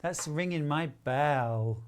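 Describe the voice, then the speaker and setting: A man's voice: fairly high pitch, slow pace. A man chatting playfully as a guest presenter on a live sewing shopping show, often laughing. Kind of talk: casual studio chat on a shopping channel. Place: TV shopping studio.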